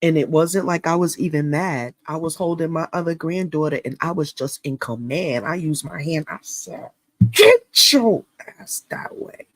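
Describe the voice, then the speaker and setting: A middle-aged woman from New York State, hosting an astrology channel and telling a story in a casual, animated, profane and slangy way. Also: low voice, normal speed, few pauses, no echo.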